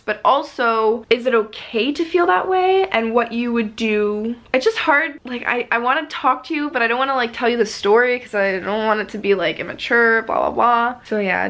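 Her voice a little high and a bit bright, a twenty-something woman opens up in a confessional vlog. She rambles casually, leaning on "like" as a filler, and comes across as earnest, open and emotional.

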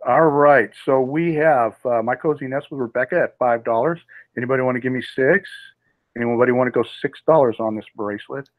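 A man's voice: medium pitch, fairly quick, no room sound. Give me a man auctioneering on a livestream, greeting viewers, with a dry, tinny, phone-like sound. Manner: calls bids and greets chat viewers by name. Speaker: live auction host.

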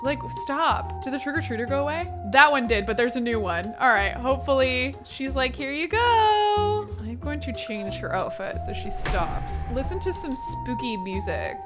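A woman hosting a let's play, chatting excitably with frequent exclamations as she plays. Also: on the high side, moderate pace, hardly any pauses, over music. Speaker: gaming host.

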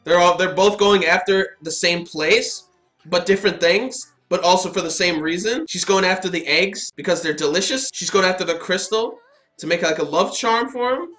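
A man giving casual, excitable reaction commentary while watching an anime, chatting and laughing as he goes. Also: sits high, moderate pace.

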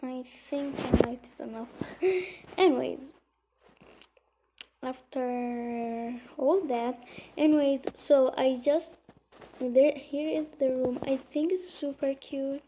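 A woman giving giggly, excitable casual gameplay commentary, often muttering softly to herself as she searches. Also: sits high, slow pace, pauses often, slight background noise, rough recording. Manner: excitable, gushing. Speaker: gaming channel host.

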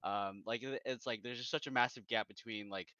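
Bright-voiced man ranting, lo-fi. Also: fairly low pitch, steady tone, fairly quick, dry recording. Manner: heated, exasperated ranting. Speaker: podcast co-host. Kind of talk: casual esports chat. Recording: dull lo-fi recording.

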